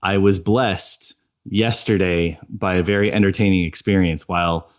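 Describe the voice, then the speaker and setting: A man's voice: low-pitched, fairly even intonation, moderate pace. A man co-hosting a podcast, telling a chatty story and laughing often. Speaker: podcast co-host. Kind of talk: casual chat.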